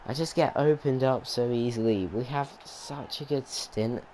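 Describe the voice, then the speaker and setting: A man's voice: mid-range voice, measured pace, darkish tone, rough recording. A young man casually commentating his football game footage, rambling and chatty with many ums and restarts. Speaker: gaming commentator. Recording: noticeable background noise.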